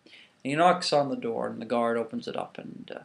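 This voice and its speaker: A man casually telling a myth to the camera, animated, with frequent restarts. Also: mid-range voice, moderate pace, vocal fry. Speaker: vlogger. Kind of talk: casual storytelling.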